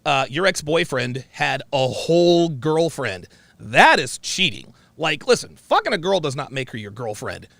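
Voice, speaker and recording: Male streamer host, blunt and profane, slightly raised pitch, dry close sound. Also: sing-song, measured pace, gravelly, a bit bright, dry recording. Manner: blunt, brash, swears freely. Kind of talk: livestream commentary.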